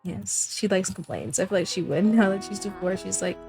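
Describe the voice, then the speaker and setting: A woman's voice: medium pitch, normal speed, gravelly, darkish tone, faint music behind. A young woman casually commenting on her life-sim gameplay, chatty and rambling as she narrates what her characters say. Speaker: gameplay host.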